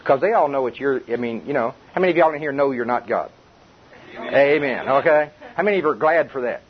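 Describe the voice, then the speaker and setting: A man's voice: mid-range voice, lively intonation, quick pace. An older man preaching a chuckling, conversational sermon to a congregation. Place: church before a congregation. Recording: dull lo-fi tape with faint hiss.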